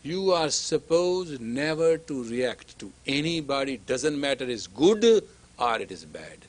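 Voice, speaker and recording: Speaking a little slowly in an expressive mid-range voice, a man teaches students as a spiritual guide. His lecture is emphatic and repetitive, with acted-out dialogue and occasional whispers for emphasis.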